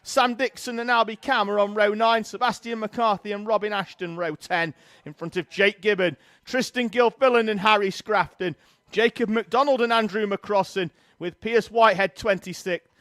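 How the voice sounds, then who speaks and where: A man giving brisk live play-by-play commentary on a karting race, reeling off names and grid positions. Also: high-pitched, steady tone, fairly bright tone, no echo.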